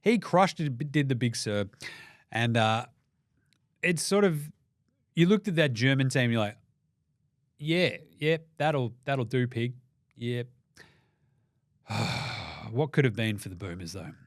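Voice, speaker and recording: A man with an Australian accent hosting a basketball show, ranting sarcastically and swearing, dropping to mutters and then flaring into loud outbursts. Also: mid-range voice, lively intonation, measured pace, pauses often, no room sound, clean studio sound. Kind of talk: profane sports commentary rant.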